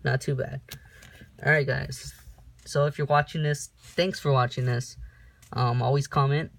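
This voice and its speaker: A young man gives casual unboxing commentary as a card-opening vlogger, slowly reading a list off cards in a steady, creaky voice, broken by sudden high whoops. It's recorded on a camera mic in a room at home.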